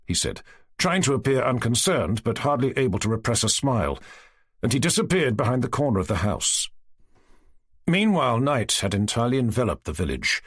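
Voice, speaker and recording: A man narrating a classic novel as an audiobook in an expressive storytelling manner. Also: mid-range voice, a little fast, breathy edge, no echo, clean studio sound. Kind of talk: scripted narration.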